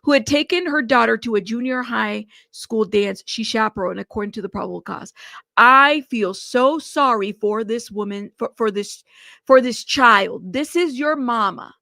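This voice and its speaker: A woman's voice: a little high, normal speed, vocal fry, pushed and bright, no room sound, studio quality. A woman hosting a true crime news livestream, outspoken and indignant, speaking straight to her viewers and cursing freely. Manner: outspoken and indignant, cusses, talks to her chat directly. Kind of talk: livestream commentary on a news case.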